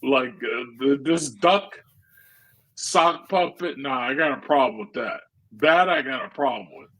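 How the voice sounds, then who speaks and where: A man's voice: medium pitch, a little slow, a bit bright. A man hosting a stream, giving blunt, joking and profane reaction commentary in a casual way. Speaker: stream host.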